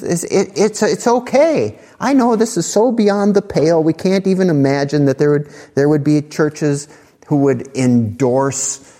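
A man preaching a sermon, emphatic, with slow drawn-out phrases and sudden rises for emphasis. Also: mid-range voice, dark tone. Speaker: pastor.

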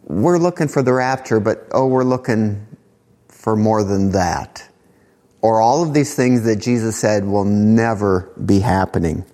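Male pastor, mid-pitch, conversational Bible teacher in a reverberant sanctuary. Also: warm tone. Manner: conversational, with asides and rhetorical questions.

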